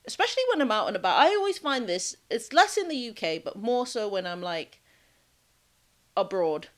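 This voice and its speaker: A woman's voice: mid-range voice, sing-song, normal speed. Chatty British-accented woman podcast host. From Jamaica. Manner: conversational, checks in with "all right?". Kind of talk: casual chat.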